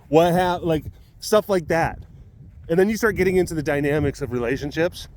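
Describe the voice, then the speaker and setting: A man's voice: a little high, a little fast, a little mellow, a little hiss or hum. A young adult man hosting a casual show, rambling and laughing between stories. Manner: rambling, laughs often, coos baby talk at a cat. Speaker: host. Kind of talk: casual chat.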